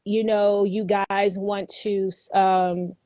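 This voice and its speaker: Philly lady telling stories in an interview, animated, quotes folks, dry room. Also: medium pitch, slow pace, no echo, muffled recording. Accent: Philadelphia. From Philadelphia, USA. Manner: animated, quotes people in lively voices, laughs often. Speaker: guest educator. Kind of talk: casual storytelling interview.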